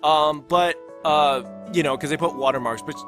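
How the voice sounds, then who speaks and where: A young man chats over his gameplay in a rambling, excitable and slightly anxious way, his voice sitting a little high. Soft game music plays faintly underneath. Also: normal speed. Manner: rambling, excitable, self-conscious. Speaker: gaming channel host. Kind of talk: casual gameplay commentary with Q&A.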